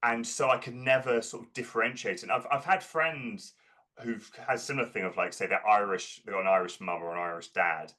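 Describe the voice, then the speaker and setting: Bright-voiced male performance coach. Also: fairly low pitch, fairly quick. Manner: animated storyteller, repeats words. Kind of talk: casual interview chat.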